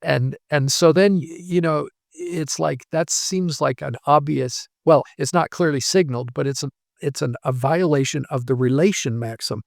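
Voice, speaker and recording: A man's voice: on the high side, moderate pace, gravelly, no room sound, clean studio sound. A man, a language professor being interviewed, patiently explaining ideas through worked examples and short anecdotes.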